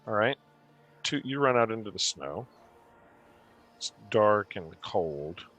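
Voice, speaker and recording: A man's voice: on the low side, very animated, takes it slowly, a bit bright, dull audio. A young man narrating a tabletop game as game master, rambling with many fillers.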